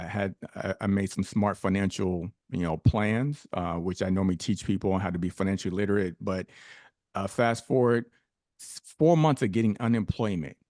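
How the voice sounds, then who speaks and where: A man's voice: fairly low pitch, a little mellow, no echo, studio quality. A middle-aged man, a podcast guest, telling a personal story emphatically with rhetorical questions.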